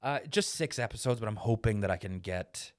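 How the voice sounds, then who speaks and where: A man's voice: fairly low pitch, brisk. A man, chatting as a guest comedian and acting out quotes as he tells stories. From Canada. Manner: animated storyteller, acts out quotes and laughs. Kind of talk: casual podcast chat.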